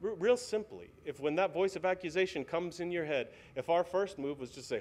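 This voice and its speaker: A man's voice: fairly high pitch, a little fast. A male pastor preaching a sermon in a church, earnest and pleading, asking the congregation many questions. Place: church sanctuary.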